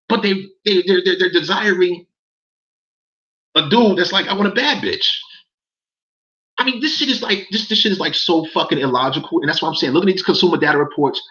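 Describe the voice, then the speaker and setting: This livestream commentator speaks at a fairly high pitch with a slightly bright tone, though the highs are cut off. He rants casually to his chat, getting heated, cursing, and saying the same things over and over.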